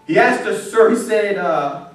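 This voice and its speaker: A man's voice: high voice, lively intonation, normal speed, soft background music. A man preaching a sermon in a church, emphatic and building to crying out as the congregation answers. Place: church sanctuary. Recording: very echoey church from a distance.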